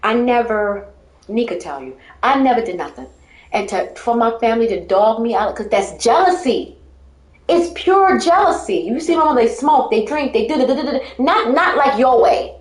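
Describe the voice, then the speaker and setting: A woman's voice: a little high, lively intonation, normal speed, echoey room. A woman telling her life story in casual talk, rambling and emphatic, often breaking into laughter.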